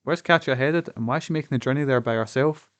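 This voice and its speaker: A man with a mid-range voice chats fast and casually while streaming a game, rambling, using fillers, and swearing now and then. Game music plays behind him, and the recording is dry with the highs cut off.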